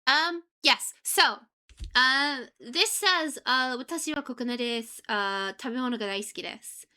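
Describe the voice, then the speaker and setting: Young woman, streamer, casual chat, bright voice, slightly high, rambling with lots of ums. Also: moderate pace, clean tone. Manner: chatty, scattered, lots of ums and self-interruptions.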